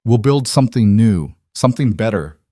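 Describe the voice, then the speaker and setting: A man voicing a devoted single father who speaks in an earnest, steady way, in a dry recording. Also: fairly low pitch, normal speed, no room sound.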